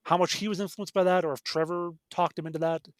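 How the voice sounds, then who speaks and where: Fast-talking, rambling middle-aged man. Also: high voice, fairly even intonation, dry recording. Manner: rambling, self-correcting storyteller. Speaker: guest, game designer. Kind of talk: casual podcast conversation.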